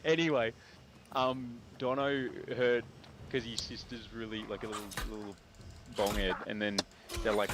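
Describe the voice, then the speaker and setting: A man's voice: lowish voice, fairly even intonation, moderate pace, fairly bright tone. A young Australian man casually telling a rambling story, swearing often and filling his talk with "like". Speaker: streamer. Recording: noisy stream audio.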